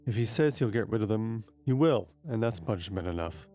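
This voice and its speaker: A man voicing a stern, formal middle-aged father who speaks in a measured way. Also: lowish voice, lively intonation, mellow, soft background music, close to an everyday voice. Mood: calm.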